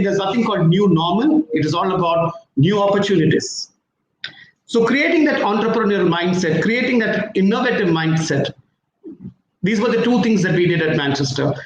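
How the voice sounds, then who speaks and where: Guy, school principal on a panel, earnest, lots of uhs, high voice, super echoey room with faint hiss. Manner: earnest, hesitant with fillers. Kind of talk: panel talk.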